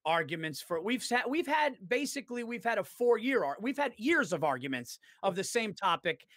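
A man's voice: sits high, moderate pace, dry recording, studio quality. A man who is a stand-up comedian, chatting casually as a guest and acting out quotes as he tells stories. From New York. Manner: animated storyteller, swears freely, acts out quotes. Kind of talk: casual podcast chat.

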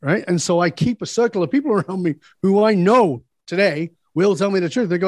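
A man's voice: sits high, a little fast, darkish tone, dry recording, clean studio sound. A man guest in a casual interview, telling blunt stories and acting out dialogue, swearing freely. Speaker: podcast guest, leadership speaker.

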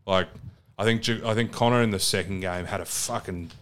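A man's voice: deep voice, fairly even intonation, brisk, a bit bright, slight background noise. An Australian man co-hosting a podcast, chatting about rugby in a blunt, sweary, enthusiastic way. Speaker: podcast co-host. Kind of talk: casual rugby chat.

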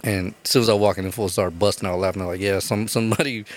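A young man with a fairly low-pitched voice, hosting a loose podcast chat. He tells stories with a lot of energy, swears constantly and acts out every quote. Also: fairly even intonation, quick pace. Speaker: podcast host. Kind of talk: casual chat.

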